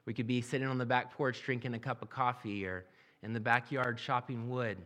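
A man's voice: mid-range voice, fairly even intonation, brisk, fairly bright tone. Man, pastor, sermon, conversational preaching, reads scripture then explains it.

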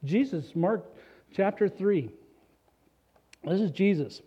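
A middle-aged pastor preaches with earnest, personal storytelling, his voice a little higher than most men's yet mellow and warm in tone. The recording sounds slightly dull and muffled, as if it has lost some of its high end. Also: expressive, slow, slightly rough. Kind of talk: sermon.

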